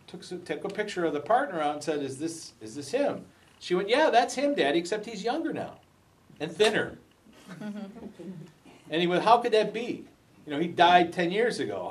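A man giving a talk, telling stories with lively acted-out dialogue. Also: recorded from a distance. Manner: lively storytelling, acting out dialogue with raised pitch. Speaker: speaker at a talk. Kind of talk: storytelling talk.

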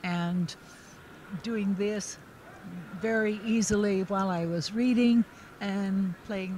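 A woman's voice: medium pitch, steady tone, slow pace, a little mellow. An older woman recalls her acting days in a chatty, meandering way, breaking into laughter and starting sentences over. Her voice sits in a middle range. A faint hum of a busy hall runs behind her. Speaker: interview guest, actress. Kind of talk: casual anecdotal storytelling. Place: convention floor.

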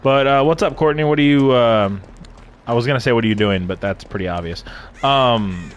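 A man's voice: medium pitch, moderate pace, slight background noise. A young man hosting a gaming video, joking crudely and swearing often during casual banter.

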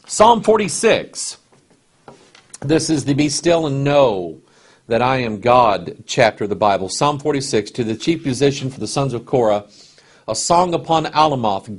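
A man's voice: mid-range voice, husky. A man, a pastor, leading a Bible study. He reads scripture with rising force and talks to the room in conversational asides.

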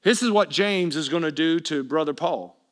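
A male pastor preaching a sermon, telling the story with lively energy and acting out the people in it. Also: a little high, moderate pace. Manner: animated storytelling preacher, acts out quoted voices.

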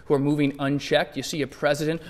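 High-voiced preacher in an echoing hall. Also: male voice, fast. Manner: animated, swings from hushed asides to loud emphatic bursts; conversational, playfully acts out scripture scenes. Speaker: pastor. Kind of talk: sermon. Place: church sanctuary.

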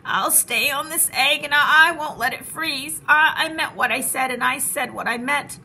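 A woman voicing a gentle, faithful male elephant, speaking slowly, firmly and earnestly. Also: sits high, vocal fry, slight background noise, pitched above the performer's own voice, heavily acted.

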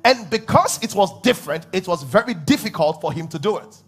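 A man preaching a sermon as pastor, animated, laughing and acting out voices. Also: sits high, brisk, breathy edge, soft background music. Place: church hall.

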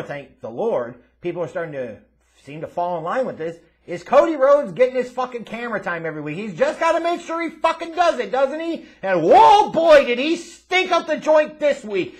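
A man hosting a wrestling review, ranting angrily and profanely, often building to shouts. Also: very high voice. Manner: angry, profane, shouting ranter.

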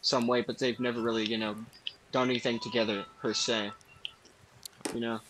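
A man's voice: medium pitch, little pitch movement, normal speed, low-quality recording. Crude teasing young man on hissy mic. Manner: crude, teasing, swears a lot. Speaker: gamer. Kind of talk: casual gaming chat.

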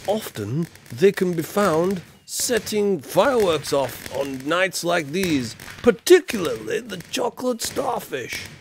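A man's voice: high voice, sing-song, slow pace, creaky, few pauses, a little hiss or hum, pitched above the performer's own voice, exaggerated voice. A man voicing Guy Fawkes as a pompous, old-fashioned Englishman with stately, archaic phrasing.

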